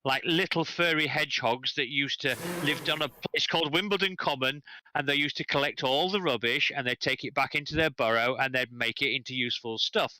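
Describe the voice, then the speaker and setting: A man's voice: medium pitch, a little fast, pushed and bright, no echo, low-quality recording. A man with an English accent, telling stories in a wry, dry way during a casual livestream chat. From England.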